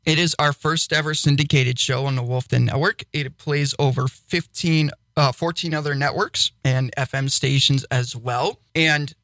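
A young man co-hosting a casual podcast, an excitable storyteller who laughs often and slips into radio-DJ patter. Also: medium pitch, gravelly, no echo. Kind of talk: casual chat.

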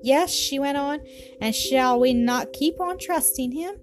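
A woman reading a storybook aloud in a calm, even way. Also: high voice, a little slow. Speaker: narrator. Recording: faint music behind.

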